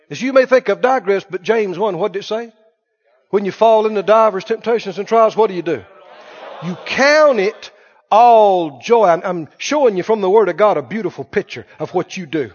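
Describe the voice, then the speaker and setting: A male pastor preaching an animated sermon, laughing often and drawing his words out. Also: high voice, moderate pace, muffled recording, a faint crowd.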